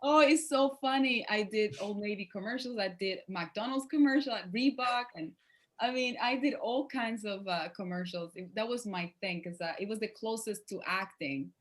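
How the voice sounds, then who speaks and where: A woman in her forties, speaking English with a Spanish accent in a casual interview, animated and laughing often as she acts out quoted lines. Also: a little high, normal speed. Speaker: guest actress.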